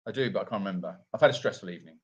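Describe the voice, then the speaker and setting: A man's voice: lowish voice, animated, rapid-fire, breathy edge, dull audio. A man co-hosting a casual live Q&A from an animal sanctuary, a chatty storyteller who often laughs at his own tales. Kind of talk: casual live-stream chat.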